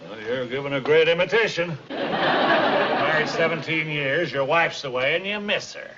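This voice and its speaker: An actor playing a grouchy, stingy middle-aged husband who grumbles and wisecracks in 1950s sitcom style. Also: male voice, a little high, expressive, moderate pace, lightly acted. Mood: wisecracking. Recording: muffled old TV soundtrack, loud hiss.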